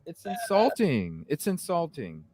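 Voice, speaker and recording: Male podcast host, angry profane rant, lively pitch. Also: measured pace, no room sound, studio quality. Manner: profane, animated, repeats "you know what I'm saying". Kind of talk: heated live-stream rant.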